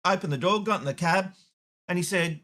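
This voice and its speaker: A man's voice: high voice, a little fast, bright, forceful tone. A middle-aged Australian man hosting a TV show, delivering a blunt opinion rant and telling a story with acted-out dialogue. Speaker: TV host.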